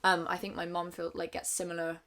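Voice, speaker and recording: A young woman from Britain, her voice sitting a little low, talks openly on a podcast. She is earnest and halting, often stopping and restarting mid-sentence. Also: completely flat delivery, fairly bright tone. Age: young adult. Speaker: podcast co-host. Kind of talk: candid casual chat.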